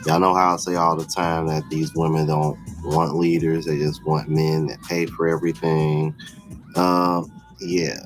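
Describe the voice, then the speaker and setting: A man's voice: very deep voice, little pitch movement, a little slow, soft background music. A man hosting a stream, giving blunt, slangy commentary on clips he plays. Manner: blunt, slangy, laughs along. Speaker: stream host reacting to clips. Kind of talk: casual reaction commentary. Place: home office.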